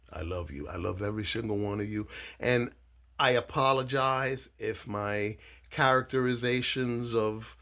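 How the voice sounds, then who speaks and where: A Cuban-born man, a political candidate, giving a profane, blunt political monologue that swings between low asides and shouting. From Cuba.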